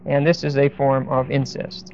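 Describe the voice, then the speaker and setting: A man teaching a verse-by-verse Bible lesson, speaking deliberately and with emphasis, stopping now and then to look up verses. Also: mid-range voice, flat delivery, darkish tone, slight background noise. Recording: dull lo-fi recording.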